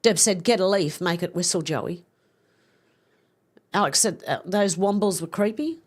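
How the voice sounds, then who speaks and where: A woman's voice: fairly low pitch, expressive, a little slow. A middle-aged woman hosting a livestream, chatting casually, giggling as she reads viewers' comments aloud. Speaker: livestream host.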